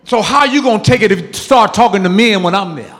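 A male pastor with a high voice preaching in a church with a long, ringing reverb. He hammers points home by repeating phrases and swings between loud bursts and soft asides. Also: expressive, fast talker. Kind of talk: sermon.

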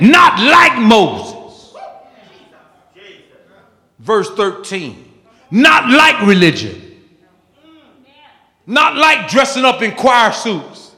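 A man preaching a sermon with fervor, shouting, peppering his lines with "uh" and exclamations of praise. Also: extremely high pitch, very animated, drawn-out words, creaky, pauses often. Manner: fervent, shouting, with frequent "uh" and "woo, Jesus" exclamations. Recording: echoey hall.

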